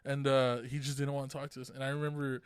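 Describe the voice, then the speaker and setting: A man's voice: mid-range voice, flat delivery, quick pace, clean tone, dry recording, studio quality. A young man co-hosting a podcast, telling a story in casual, profane banter and laughing often. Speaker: podcast co-host. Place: podcast room with a couch.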